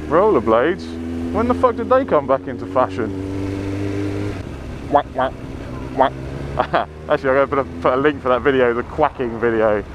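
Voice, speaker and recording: A motorbike vlogger films himself riding through town, his mid-range voice animated at a moderate pace as he swears and rants at the traffic while chatting to the camera. The lo-fi recording is full of wind and traffic noise.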